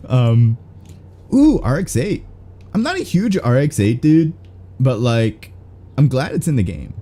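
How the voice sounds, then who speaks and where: Young dude rambling thru a racing game stream, mellow tone, swears a lot. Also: male voice, medium pitch, sing-song, slow pace, pauses often, husky. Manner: rambling, swearing, self-mocking. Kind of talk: casual live-stream gameplay commentary.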